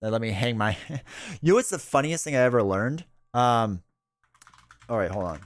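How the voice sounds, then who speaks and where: A man's voice: medium pitch, normal speed, no echo. A man chatting casually with viewers on a livestream, rambling through stories and laughing often. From United States. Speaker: streamer.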